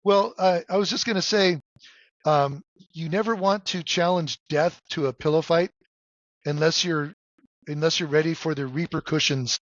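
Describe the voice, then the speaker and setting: A middle-aged man hosting a podcast in casual chat, halting with many fillers and restarts, cracking jokes. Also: on the high side, a bit bright. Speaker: podcast host. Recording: dull dry lo-fi sound.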